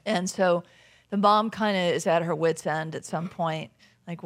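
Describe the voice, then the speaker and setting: A woman's voice: on the low side, fairly even intonation, measured pace. A woman minister giving a sermon in a conversational, storytelling way, often checking in with the congregation with little tag questions.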